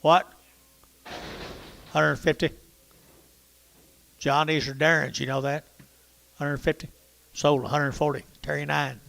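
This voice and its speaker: A man working as a livestock auctioneer, calling bids in a rapid rhythmic chant with quick asides to the crowd. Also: a little high, little pitch movement, creaky, fairly bright tone. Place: cattle auction barn.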